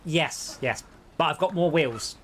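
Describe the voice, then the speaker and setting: A man's voice: on the high side, a little slow, a bit bright, a little hiss or hum. A man streaming a co-op driving game, chatting casually and joking at his own expense. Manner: chatty, joking, self-deprecating. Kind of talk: casual gaming chat.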